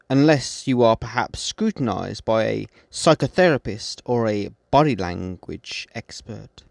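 A man hosting a podcast, reading his poems in a measured way and speaking his closing words with many hesitations. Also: medium pitch, vocal fry, darkish tone, dry recording, studio quality. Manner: measured recitation, then halting unscripted outro with many fillers. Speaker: poet and podcast host. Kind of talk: poetry reading.

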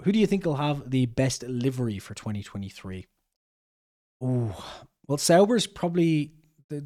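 A man's voice: mid-range voice, mellow. A young Irish man hosting a podcast, reading out viewer comments in a rambling, chatty way and often correcting himself. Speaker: podcast host.

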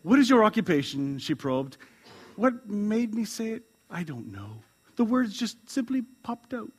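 Lively-voiced male pastor preaching. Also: high-pitched, slow pace, breathy edge. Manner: lively, chuckling, swings from loud to hushed. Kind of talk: sermon with read-aloud story.

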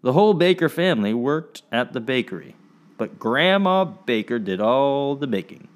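A man narrating a storybook episode in an expressive, animated storytelling manner. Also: medium pitch, normal speed.

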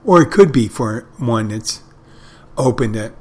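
A man's voice: mid-range voice, lively intonation, unhurried, slightly rough. A middle-aged man hosting a podcast, telling wry, rambling anecdotes in a casual monologue. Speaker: podcast host.

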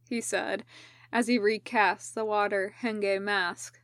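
A woman narrating a fan-fiction audiobook in a measured, even way. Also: mid-range voice, no echo, studio quality. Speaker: podfic reader.

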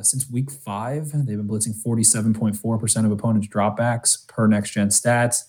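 A man's voice: mid-range voice, mellow. A man co-hosting a sports podcast, talking casually with lots of restarts and fillers. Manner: rambling, many restarts and fillers. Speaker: podcast co-host.

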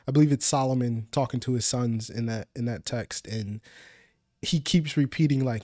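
Young man, podcast co-host, earnest and explanatory, mid pitch, dry sound. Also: moderate pace, dark tone, dry recording. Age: young adult. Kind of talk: casual faith discussion.

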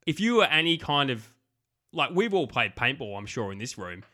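A man's voice: medium pitch, sing-song, normal speed, sharp tone. A man co-hosting a podcast, chatting casually and animatedly about a film, acting out lines and swearing freely. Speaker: podcast co-host. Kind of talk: casual film review chat.

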